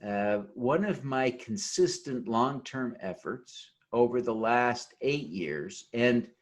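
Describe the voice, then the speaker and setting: Slow earnest man giving a keynote. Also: medium pitch, lively intonation. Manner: earnest, leads audience in an oath. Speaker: keynote speaker. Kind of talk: motivational conference talk.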